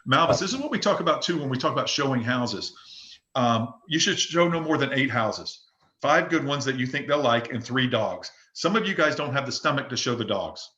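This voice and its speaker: A man leads an open forum for real estate agents and coaches them in an emphatic, looping way, with many restarts. His voice is bright and forceful. The recording has a noticeable roomy echo. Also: mid-range voice, animated, a little fast, dull audio. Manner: emphatic, repetitive, frequent restarts.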